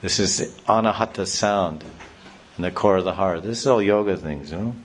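A man with a somewhat low voice delivers a spiritual discourse. He talks in a loose, rambling way, full of restarts. He gets animated and sounds out syllables and noises to make his points. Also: a little fast, a little hiss or hum. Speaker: spiritual teacher. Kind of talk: devotional discourse.

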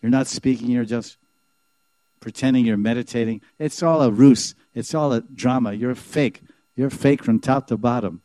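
A man voicing an eager, excitable young cowherd woman in a devotional story, with high, breathless exclamations. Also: normal speed, no room sound, close to an everyday voice. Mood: scolding.

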